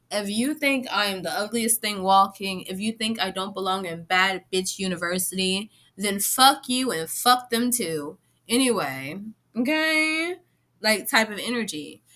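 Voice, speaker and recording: A young woman talking casually to camera in a vlog, animated and swearing freely, often laughing and slipping into playful voices. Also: medium pitch. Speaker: vlogger.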